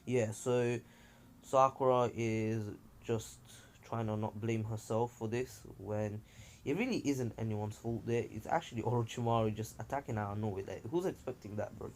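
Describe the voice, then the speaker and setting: A man's voice: on the low side, normal speed, a little hiss or hum. A man casually narrating a fan-made story as a channel host, chatty and rambling with fillers and slang.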